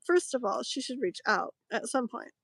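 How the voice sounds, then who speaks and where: A woman's voice: on the high side, expressive, normal speed, a bit bright, slightly rough, no echo, poor audio. Chatty woman tarot reader, dry mic. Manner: rambling, filler-heavy, chatty. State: voice strained, clearing throat. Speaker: tarot reader streaming live. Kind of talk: casual live-stream chat.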